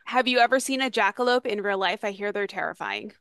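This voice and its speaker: Woman host asking questions, playful and excited, dry close sound. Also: medium pitch, quick pace, clear, resonant tone, no echo. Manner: enthusiastic, playful. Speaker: interviewer. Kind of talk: casual interview.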